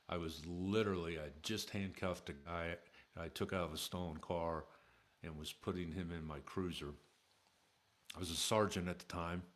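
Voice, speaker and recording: Middle-aged man, very low voice, casual storytelling, halting with lots of fillers. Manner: halting, many "uh" fillers and restarts. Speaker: podcast host telling a personal story.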